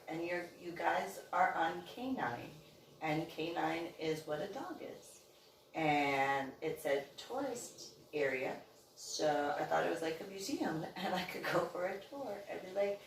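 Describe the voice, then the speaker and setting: A woman's voice: on the low side, moderate pace. A woman telling long personal stories in a rambling, casual way, laughing often and acting out the people she quotes. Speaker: channel host. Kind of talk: casual storytelling monologue. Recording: roomy echo, distant from mic, faint background noise.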